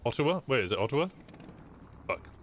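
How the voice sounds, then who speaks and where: A man's voice: mid-range voice, big pitch swings, brisk, a little hiss or hum. A young man from England with a Midlands accent, chatting casually and swearing with his stream viewers. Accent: Midlands English. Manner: chatty, swearing, stumbling over words.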